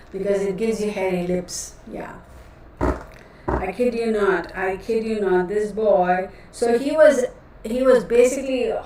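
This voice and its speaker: A woman with a mid-range, darkish voice works as a tarot reader from a cluttered home room, chatting and rambling with her live viewers, whom she calls y'all. The room is echoey, her voice sits far from the mic, and there's faint noise.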